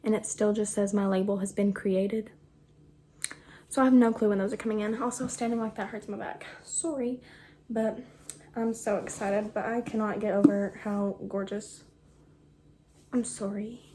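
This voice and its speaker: A bubbly young woman chats to a camera propped on the floor. She talks loosely and fills her sentences with "like" and "um". A fan hums clearly behind her in a noisy home room. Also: medium pitch, fairly even intonation, moderate pace, mellow. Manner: bubbly, chatty, lots of fillers. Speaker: book vlogger. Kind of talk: casual chat to camera.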